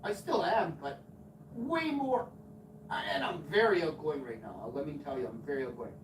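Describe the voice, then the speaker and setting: Swearing frequently, a forties-aged man rambles through crude stories in casual live-stream storytelling. He sounds a little high and animated at a moderate pace, captured far from the mic in a noisy, echoey room.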